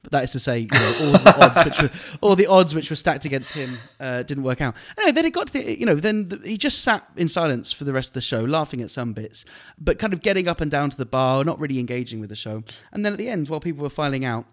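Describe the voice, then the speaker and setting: A man, a comedian, telling a story on a podcast in an animated way and laughing often. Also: fairly high pitch, fast. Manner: animated, laughing while retelling an anecdote. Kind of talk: casual storytelling chat.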